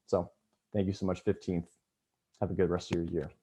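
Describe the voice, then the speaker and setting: A man's voice: low voice, flat delivery, fairly quick, heavy background noise. A young man giving a casual farewell speech on a video call, telling a story with many fillers and restarts. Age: young adult. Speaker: student government member. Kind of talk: farewell speech at online meeting.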